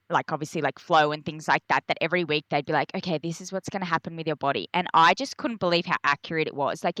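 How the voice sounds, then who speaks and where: A young Australian woman, a podcast guest, telling candid stories and acting out her past lines in a high, animated voice. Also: dry recording. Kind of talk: candid conversational storytelling.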